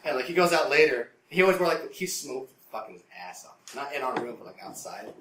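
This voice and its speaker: A man's voice: medium pitch, big pitch swings, brisk, fairly bright tone, far from the mic. A man co-hosting a podcast, telling a story in casual chat, rambling and swearing, with lots of "like". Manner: rambling, profane, heavy use of "like", mimics people in the story. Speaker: podcast co-host. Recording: echoey room with noise.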